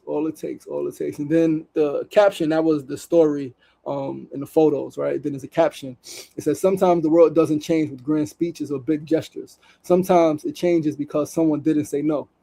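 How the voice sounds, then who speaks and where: A man's voice: on the high side, vocal fry, mellow, poor audio. A man hosting a daily show, talking casually and emotionally, swearing freely and reading a story aloud. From New York City. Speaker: podcast host. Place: studio.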